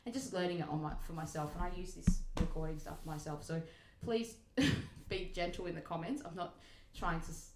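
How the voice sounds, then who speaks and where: A woman's voice: on the low side, a little fast, few pauses. Chatty woman in an echoey room. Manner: chatty, self-deprecating, rambling with restarts. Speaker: singer reviewing microphones. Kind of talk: casual demo talk. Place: home recording setup. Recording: echoey room, faint noise.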